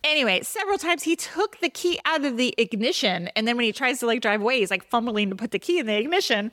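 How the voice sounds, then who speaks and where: High-voiced chatty podcast co-host woman. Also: fast talker, few pauses. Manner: chatty, animated storytelling with lots of "like". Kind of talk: casual chat reviewing a movie.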